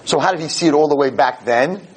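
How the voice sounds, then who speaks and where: A man teaching a Torah class to a live audience, animated and explaining with everyday stories and questions to the room. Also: fairly high pitch, fast, breathy edge, low-quality recording. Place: in front of an audience.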